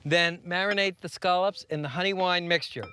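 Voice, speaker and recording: A middle-aged man hosting a TV cooking show, delivering punchy scripted lines and measured step-by-step instructions. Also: high voice, steady tone, background noise. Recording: broadcast audio with music bed.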